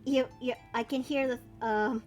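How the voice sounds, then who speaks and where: High-voiced chatty woman streamer. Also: fairly even intonation, unhurried, a little mellow, faint music behind. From Canada. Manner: chatty, thinks aloud, with gasps and playful asides. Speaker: streamer and artist. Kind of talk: casual chat while drawing live.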